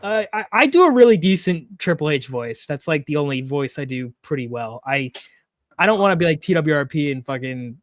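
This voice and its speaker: A man's voice: a little high, lively intonation, fairly quick, no room sound, clean studio sound. A man hosting a casual wrestling podcast, blunt and swearing freely. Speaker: podcast host. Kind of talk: casual chat.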